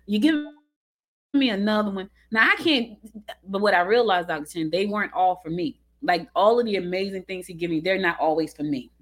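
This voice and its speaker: A woman in casual conversation, affirming and quick to react, sharing her own story. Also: fairly low pitch, fairly bright tone.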